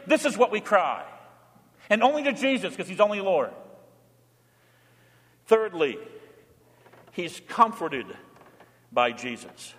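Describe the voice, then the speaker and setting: At a moderate pace, a pastor with a light, high voice teaches his congregation as the church reverberates around him. Every so often he acts out a short plea in a quoted voice, but his sermon stays steady and earnest.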